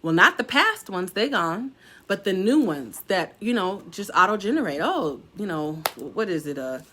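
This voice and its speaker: A middle-aged woman casually telling her followers a personal story, animated and expressive, with big jumps in pitch when she quotes people. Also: normal speed, background noise. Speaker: salon suite owner sharing a warning.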